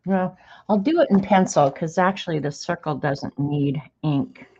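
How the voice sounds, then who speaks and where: Her voice is low-pitched and darkish, and she speaks a little slowly. She's a middle-aged woman running an art livestream, making casual conversation and talking to herself over her drawing. The sound has a dull, lo-fi stream quality.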